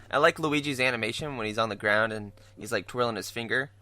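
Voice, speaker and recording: A man chatting as a guest on a casual podcast, laid-back, with brief remarks and pauses to find his words. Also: medium pitch, pushed and bright, no echo. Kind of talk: casual chat.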